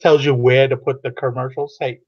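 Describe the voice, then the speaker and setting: A man's voice: medium pitch, level tone, moderate pace. Joking man co-host on a dull mic. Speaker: podcast co-host. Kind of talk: casual live-stream chat.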